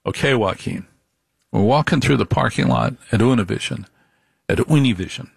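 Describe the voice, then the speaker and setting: A man holds forth in an emphatic storytelling monologue, hammering points home with repetition and rhetorical questions. His voice sits at an ordinary middle pitch. The recording is dry and close, with no room sound. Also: moderate pace, vocal fry, husky, no room sound. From United States. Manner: emphatic, repeats phrases for effect, rhetorical questions. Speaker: speaker telling personal stories.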